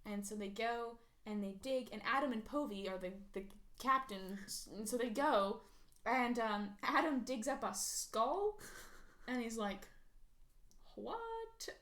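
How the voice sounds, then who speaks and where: A woman's voice: a little high, a little slow. A young woman podcast host casually recapping an old film and acting out the characters' lines. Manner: animated storytelling with acted-out quotes.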